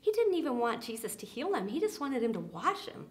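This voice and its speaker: A woman leads a church small group, speaking earnestly and a little fast in a high voice with big pitch swings. She uses many fillers and often drops soft and quiet to emphasize a point.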